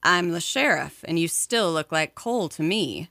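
A woman playing a gruff, suspicious sheriff. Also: fairly low pitch, animated, normal speed, a bit bright, no echo, studio quality. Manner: deprecating, suspicious.

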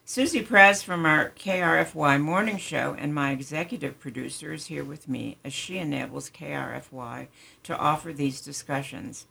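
An older woman with a scratchy, gravelly voice that has a husky edge. She hosts a community radio health show from the studio, speaking in a measured, friendly way as a retired doctor. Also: low voice, sharp tone.

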